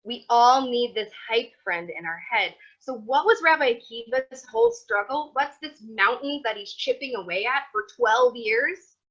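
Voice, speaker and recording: A woman, teaching a motivational class in a chatty, animated way. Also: a little high, moderate pace, hardly any pauses, breathy edge. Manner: animated, chatty, acts out quotes. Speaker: Torah teacher. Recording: dull lo-fi sound.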